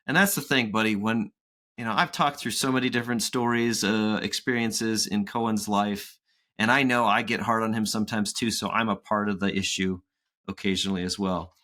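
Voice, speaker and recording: Man, 30s, podcast co-host, casual chat, animated storytelling, bright voice. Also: on the low side, fairly quick. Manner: animated storytelling with acted-out quotes.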